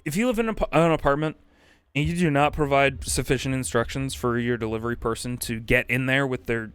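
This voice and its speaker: A man's voice: mid-range voice, fairly quick, a bit bright, smooth, no echo. A man streaming, telling a rambling, profane anecdote in casual chat and acting out quotes. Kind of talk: casual storytelling on a livestream.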